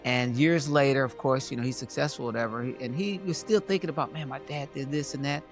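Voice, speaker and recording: A man's voice: mid-range voice, quick pace, soft background music. A man hosting a podcast, responding earnestly in a loose, rambling way. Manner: earnest, rambling, with many fillers and restarts. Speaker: podcast host. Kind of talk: casual conversational reflection.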